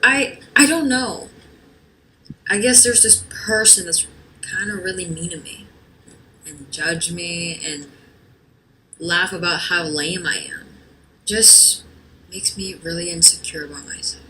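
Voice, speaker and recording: A woman voicing a shy, insecure teenage girl who speaks softly and hesitantly. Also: on the low side, slow pace, pauses often, slight background noise, poor audio. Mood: timid. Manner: soft, hesitant, mumbling.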